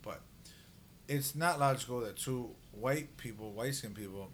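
A man's voice: medium pitch, normal speed, slight background noise. A man from Central America rambling in a crude, casual podcast chat, often trailing off into mumbles.

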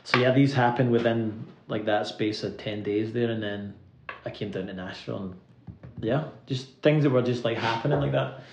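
A man's voice: medium pitch, creaky, background noise. A man with a Scottish accent, a guest musician telling rambling anecdotes in a casual interview, often laughing and filling his talk with "like". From Scotland. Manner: rambling anecdotes full of "like" fillers, quick to laugh. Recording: roomy, slightly dull recording.

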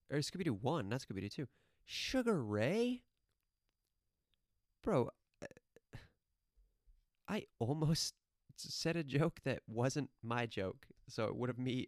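A man rambles through a casual story, swearing and laughing along the way. His pitch swings widely and the sound is dry and close, with no room echo. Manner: rambling, laughing, profane, animated.

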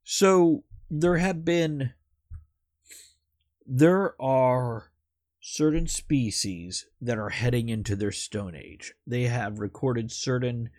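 A man's voice: medium pitch, slow, darkish tone, no echo, clean studio sound. A man hosting a podcast in casual, rambling chat who swears now and then. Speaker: podcast host.

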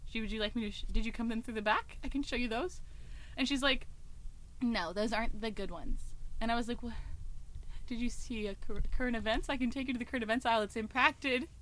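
A woman co-hosting a podcast, telling a story from her old job in a casual, animated way, with lots of "like" and laughter. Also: fairly high pitch, fast. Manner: animated, laughing, swearing, filler-heavy. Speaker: podcast co-host.

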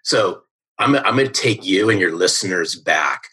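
Very husky deep-voiced man, bright tone. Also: moderate pace, rough recording. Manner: energetic, emphatic, repeats "right?". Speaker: sales coach guest. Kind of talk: podcast interview storytelling.

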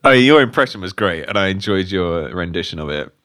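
A man's voice: deep voice, lively intonation, fast talker, a bit bright. A man co-hosting a podcast, chatting in a sardonic way, swearing and laughing. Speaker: podcast co-host. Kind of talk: casual chat.

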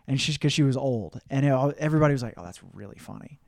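Young male comic guest, relaxed and jokey, swears a lot, dry close recording. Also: medium pitch, fast, vocal fry, dry recording. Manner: laid-back, joking, profane. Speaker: podcast guest and stand-up comic. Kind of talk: casual chat.

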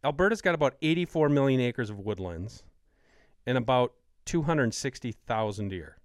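Eager and expressive, the host of this hunting podcast is a man from Wisconsin with a medium-pitched voice at a normal pace. In a relaxed interview, he asks plenty of questions and runs through figures enthusiastically, captured in clean studio sound without room noise.

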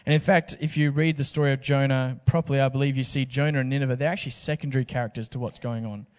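Brief: male pastor, relaxed jokey sermon delivery, mid-pitched voice. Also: fast talker, big-room sound. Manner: casual, jokey preaching with slang asides.

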